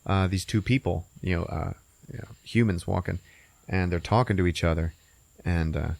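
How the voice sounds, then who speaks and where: A man's voice: deep voice, normal speed, gravelly, a little mellow, dry recording. A man hosting a podcast, rambling and swearing as he recaps a movie. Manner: rambling, laughing, profane. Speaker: podcast host.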